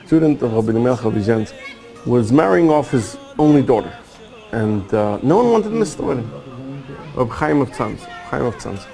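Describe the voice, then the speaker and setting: A man giving a storytelling sermon on Kabbalah, animated and acting out the quoted dialogue. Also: medium pitch, normal speed, creaky, faint music behind, rough recording. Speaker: Kabbalah teacher.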